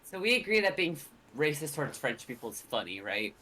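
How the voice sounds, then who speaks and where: A man's voice: fairly high pitch, sing-song, a little fast, bright, forceful tone. A man co-hosting a podcast, chatting casually in a dry, teasing way. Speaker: podcast co-host.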